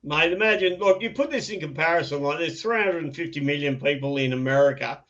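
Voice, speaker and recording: A man's voice: a little high, fast talker, fairly bright tone, dull audio. A man with an Australian accent co-hosting a fantasy sports podcast, chatting in a laid-back way over a remote call. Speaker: podcast co-host.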